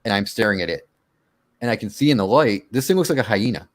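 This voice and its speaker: A man casually telling his own monster encounter story on a radio show, animated and acting out his own quotes. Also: fairly low pitch, quick pace.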